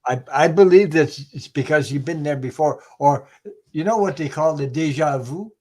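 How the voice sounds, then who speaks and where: A man in a casual group conversation, musing in halting, restarting speech. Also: on the high side, darkish tone. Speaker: participant.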